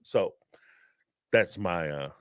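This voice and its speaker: Hosting a live call-in show on a stream, a man with a low voice talks slowly in casual, rambling commentary. He's animated, laughs often and acts out quotes, in studio-quality sound with no room tone.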